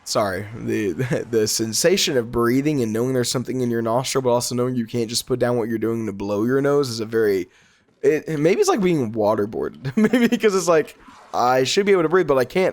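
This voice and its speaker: A gaming YouTuber with a cold speaks in a stuffy, nasal voice, congested and fairly quick at medium pitch. His gameplay commentary rambles and gets sidetracked easily. He laughs often, and his voice jumps up when he gets excited.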